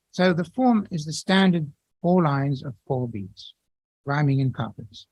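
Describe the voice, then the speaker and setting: A man giving an academic lecture in a measured, explanatory way, with occasional restarts. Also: on the high side, animated, a little mellow, dry recording, rough recording.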